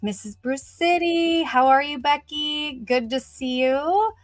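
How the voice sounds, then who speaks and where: A woman's voice: high-pitched, expressive, slow pace, no echo. A woman hosting a casual livestream, greeting viewers and chatting upbeat with lots of "you know" fillers. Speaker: host of a brand livestream.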